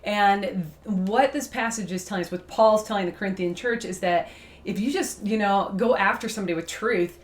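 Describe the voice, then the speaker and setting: A woman's voice: mid-range voice, moderate pace. Laughing woman professor in a roomy room. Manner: explanatory, laughs easily. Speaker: apologetics professor and co-host. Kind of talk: conversational teaching talk. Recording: roomy echo.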